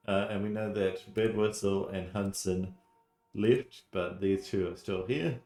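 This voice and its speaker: A man streaming a mystery game, reading the text aloud with relaxed asides. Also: deep voice, unhurried, echoey room. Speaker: gaming streamer.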